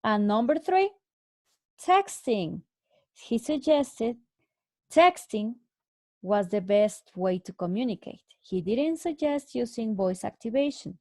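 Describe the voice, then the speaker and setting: A woman teaching an English lesson, explaining answers slowly and clearly with repeated examples. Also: mid-range voice, sing-song, mellow, no room sound. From Mexico. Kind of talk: recorded online English lesson.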